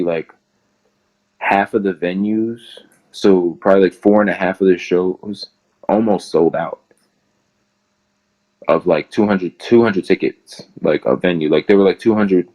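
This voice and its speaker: Low-voiced young man, rambling casual storyteller. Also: a little mellow, dull audio. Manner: rambling, fills nearly every phrase with "like". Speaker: interview guest.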